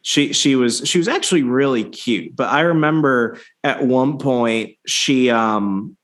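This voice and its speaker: A man's voice: medium pitch, measured pace, fairly bright tone. A man hosting a podcast, telling stories in a loose, profane, casual chat with many restarts. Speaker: podcast host.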